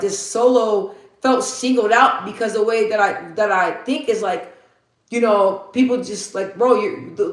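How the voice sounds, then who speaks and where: A woman with a medium-pitched voice hosts a casual livestream in a roomy-sounding space. She talks candidly and rambles, swears freely, and reads viewer comments aloud.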